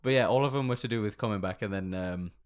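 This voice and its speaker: A man's voice: on the low side, fast, clean tone, no room sound, clean studio sound. A male podcast host reading a story aloud in a rambling, giggly way, often breaking into laughter. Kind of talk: casual comedic chat and story reading.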